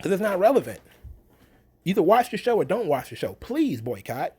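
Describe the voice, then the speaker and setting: A man's voice: sits high, sing-song, moderate pace, warm tone, husky. Blunt, sarcastic man ranting. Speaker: wrestling commentary vlogger. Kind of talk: casual opinion rant.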